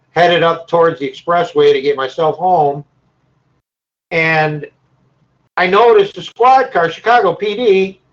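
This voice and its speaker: Animated man telling a funny story. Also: high-pitched. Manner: animated, laughs at his own stories. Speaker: caller in a discussion group. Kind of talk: casual storytelling. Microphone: call audio. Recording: dull lo-fi call audio.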